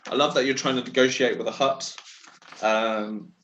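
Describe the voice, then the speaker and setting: A man's voice: medium pitch, fairly even intonation, normal speed, a bit bright, lo-fi sound, a little hiss or hum. A man narrating as game master for a tabletop game, hesitant and full of ums.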